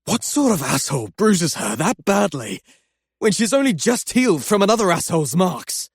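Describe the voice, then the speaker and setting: A man playing a guilt-racked young doctor, husky. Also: high voice, sing-song, moderate pace, no room sound, studio quality, heavily acted. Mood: guilt-ridden. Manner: swearing outbursts, self-loathing rants. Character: anguished young male doctor, guilt-ridden, volatile. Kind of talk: audiobook character acting.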